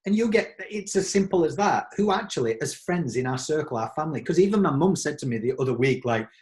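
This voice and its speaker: A man's voice: on the high side, animated, fast, a little mellow. A man from England with an English accent hosting a podcast, talking in an enthusiastic, rambling way. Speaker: podcast host. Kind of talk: casual chat.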